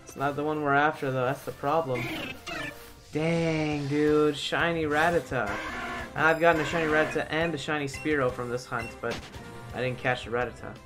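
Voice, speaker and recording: A young man giving casual gameplay commentary, animated and swearing freely as he talks to the game. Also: on the high side, moderate pace, music in the background. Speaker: gaming YouTuber.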